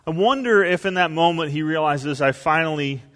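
A male pastor preaching a sermon, telling stories and acting out quotes with big swings in pitch and volume. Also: animated, a little fast, fairly bright tone, in a large hall.

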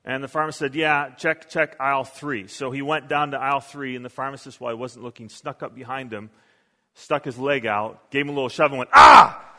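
A man preaching a sermon as pastor, an animated storyteller who often repeats words as he goes. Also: medium pitch, fast. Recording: long hall reverb.

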